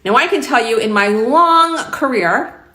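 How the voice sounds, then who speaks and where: A woman's voice: a little high, animated, a little slow, pushed and bright. A middle-aged woman with a New York accent tells a long personal story to the camera in a chatty, rambling, emphatic way. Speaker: vlogger. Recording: roomy echo.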